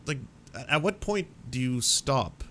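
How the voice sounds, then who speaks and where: A man co-hosting a comedy show, rambling fast and acting out crude pick-up lines in mock voices. His voice sits at a middle pitch. A faint low rumble runs under the recording. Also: animated, pushed and bright. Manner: rambling, quick, acts out crude mock dialogue. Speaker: co-host. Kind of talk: comedic commentary.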